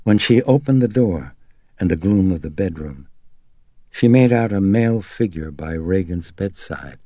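Male audiobook narrator, steady dramatic read, low husky voice. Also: a little slow, dry recording, studio quality. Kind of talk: scripted narration.

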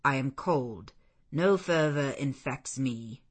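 A woman voicing a grave, reserved male clergyman who speaks in a measured, evasive way. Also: rumbling low, lively intonation, breathy edge, voice pushed down, heavily acted. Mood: stern.

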